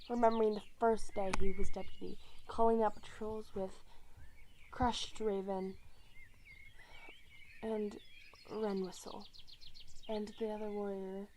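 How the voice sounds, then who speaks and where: A woman narrating a fan story at an unhurried pace, sometimes correcting herself mid-word. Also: medium pitch, warm tone, slight background noise. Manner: unhurried reading with self-corrections.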